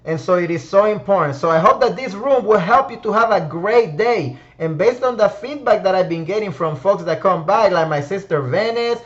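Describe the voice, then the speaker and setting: A man's voice: sits high, expressive, normal speed, hardly any pauses, highs cut off. A man hosting a motivational discussion room, reflective and emphatic, speaking to listeners by name. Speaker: host of a word-of-the-week discussion room. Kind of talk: motivational talk.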